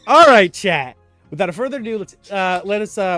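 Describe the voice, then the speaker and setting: A man running a livestreamed tabletop game as dungeon master, talking in an animated, rambling way and repeating himself as he greets chat and recaps the story. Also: sits high, normal speed, faint music behind.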